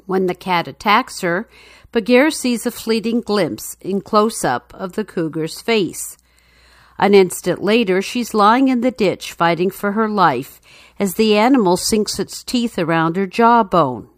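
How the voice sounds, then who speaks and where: A woman's voice: medium pitch, lively intonation, a little slow, dry recording, clean studio sound. A woman narrating a true story as scripted narration, telling it in a dramatic, suspenseful way.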